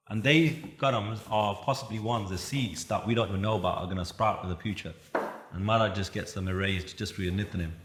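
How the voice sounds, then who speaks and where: A man giving a religious talk at a youth camp, telling stories in an animated way and chanting verses. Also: lowish voice, reverberant. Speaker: Sikh preacher.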